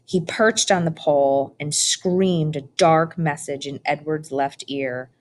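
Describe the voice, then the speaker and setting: A woman narrating a children's storybook in a calm, measured reading. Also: low-pitched. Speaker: audiobook reader.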